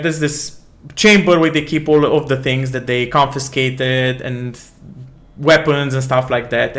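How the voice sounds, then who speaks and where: A man's voice: a little high, fairly bright tone. Stammering man running a tabletop game. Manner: rambling, stammering, repeats words. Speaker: game master. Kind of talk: improvised tabletop narration.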